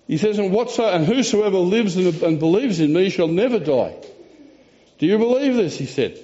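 A man preaching a sermon in an earnest, storytelling way. He reads scripture aloud and often pauses and restarts. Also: high voice, sing-song, warm tone. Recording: dull lo-fi recording.

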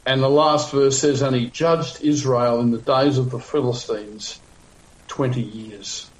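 Male pastor, mid pitch, loose conversational sermon delivery with fillers and wry asides, recorded in a reverberant room. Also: fairly even intonation, unhurried. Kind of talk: sermon Bible teaching.

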